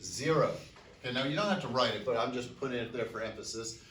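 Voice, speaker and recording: A fast-talking man with a mid-range, slightly bright voice gives a chemistry lecture to a high school class, asking questions and answering them himself. The distant recording carries classroom echo and slight background noise.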